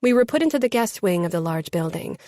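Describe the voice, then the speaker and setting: A woman's voice: lowish voice, expressive, fast talker, mellow, no echo, clean studio sound. A woman reading a first-person romance novel as an audiobook narrator, lifting her voice slightly for the characters.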